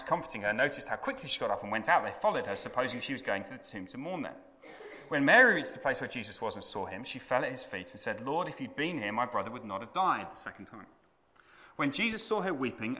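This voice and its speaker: Animated male preacher in echoey hall. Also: mid-range voice. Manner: dramatic, animated storytelling. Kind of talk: sermon. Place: conference hall.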